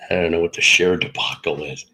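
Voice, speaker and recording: A man's voice: sits low, fairly even intonation, brisk, background noise. A middle-aged man who hosts a live stream, sounds congested from illness, and rambles with jokes as he greets viewers by name. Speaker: livestream host. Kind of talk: casual live chat with viewers.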